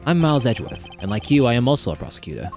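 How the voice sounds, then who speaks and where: A man voicing a stern young male prosecutor in a put-on British accent, formal and measured, dubbing a game as he plays. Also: medium pitch, very animated, darkish tone, faint music behind. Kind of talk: fan voice-over while playing.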